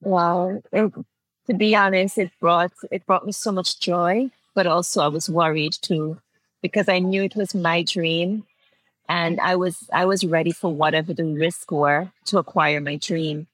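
A woman's voice: fairly low pitch, fairly even intonation, a little slow, a bit bright, poor audio. A woman in her forties with an Antiguan accent, speaking as an interview guest and telling her story with feeling and frequent laughter. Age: 40s. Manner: heartfelt storytelling, laughs often. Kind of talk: interview conversation.

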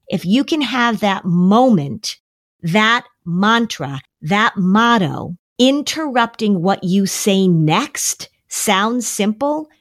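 On a podcast, an anxiety therapist speaks in a medium-pitched voice, offering emphatic coaching advice full of repetition. The recording has studio quality and no room sound.

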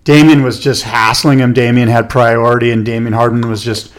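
A man's voice: medium pitch, level tone, fairly quick. A man co-hosting a casual podcast chat, rambling and correcting himself as he asks probing questions. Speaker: podcast co-host.

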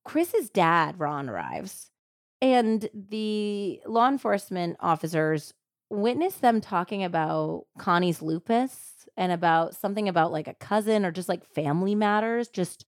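A woman hosting a true crime podcast, retelling a case in a casual, animated way with lots of "like" fillers. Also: fairly low pitch, a little slow, no room sound, clean studio sound. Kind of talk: casual storytelling chat.

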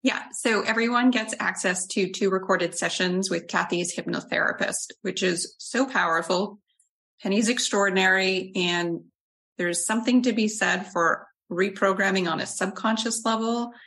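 Woman teammate, gravelly fry, warm, easy casual chat. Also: medium pitch, moderate pace. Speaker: program team member.

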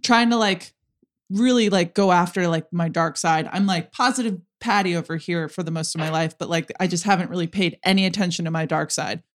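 A woman's voice: on the low side, a little fast. A woman co-hosting a podcast who talks openly and emotionally, swearing freely in a candid conversation. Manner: open and emotional, with heavy swearing. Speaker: podcast co-host.

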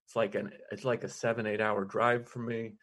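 A male comedian guest casually telling a story, animated and laughing through his lines. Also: lowish voice, brisk.

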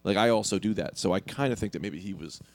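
A man telling a story in casual podcast chat, brash and animated. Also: deep voice, quick pace. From New York. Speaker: podcast co-host.

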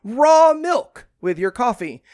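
A man co-hosting a comedy podcast, delivering wry, deadpan jokes. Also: very high voice, slow pace, no echo, clean studio sound. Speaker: podcast co-host. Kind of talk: casual comedic chat.

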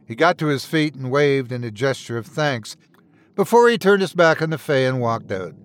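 A man reading a horror story aloud in a measured, somber storytelling manner. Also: mid-range voice, animated, clean tone. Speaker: storyteller, podcast host. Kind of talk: scripted horror narration.

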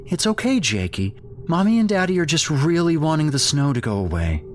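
A man voicing a frightened mother who is frantic with terror yet tender toward her young son, in a shaky, high-pitched, pleading way. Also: big pitch swings, a little slow, a little hiss or hum. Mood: soothing. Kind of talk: horror audio drama narration.

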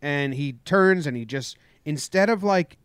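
Animated man telling a sports story. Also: fairly high pitch, measured pace, clear, resonant tone, dry recording, clean studio sound. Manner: animated storytelling, acts out shouted quotes. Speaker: podcast co-host. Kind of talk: casual sports chat.

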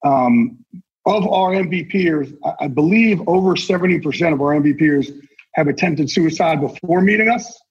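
Over dull lo-fi audio, a sportswriter and NFL insider chats as a podcast guest, his slightly rough voice a little high and his speed normal. He's intense and earnest, and his language gets salty.

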